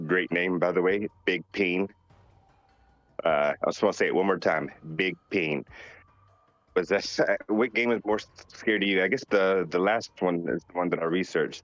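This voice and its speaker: A man from North Carolina, a voice actor reading out fan questions and answering them in a relaxed, joking way. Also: sits low, no echo. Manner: laid-back, joking, reads questions aloud. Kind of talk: casual live Q&A. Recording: dull lo-fi sound with faint music behind. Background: faint music.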